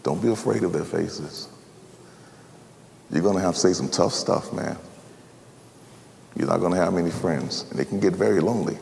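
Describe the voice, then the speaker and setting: A man preaching a sermon as a pastor, emphatic, swinging between loud high pleas and low quiet asides. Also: normal speed, creaky, long pauses, slight background noise. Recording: long reverb of a hall.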